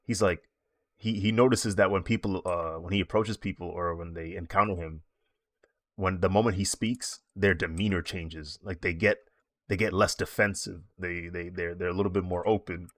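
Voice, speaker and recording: Low-voiced man chatting while he draws. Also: moderate pace, dry recording, clean studio sound. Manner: relaxed, rambling, laughs often. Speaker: streaming digital artist. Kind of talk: casual chat while drawing on stream.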